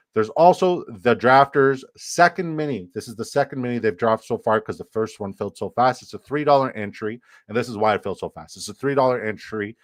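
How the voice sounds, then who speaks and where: Low-pitched guy hosting a live stream, jokey and loose, dry close mic. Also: dry recording. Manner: playful, reads chat aloud, jokey hype. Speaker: livestream host. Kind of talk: casual livestream chat.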